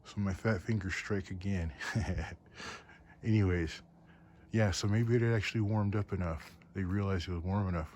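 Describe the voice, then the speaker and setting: Here a man speaks in a low, slightly mellow voice at normal speed, with a bit of background noise. He's a craftsman who tells stories, rambling and chuckling as he shivers outdoors in the cold night on a mountain trip.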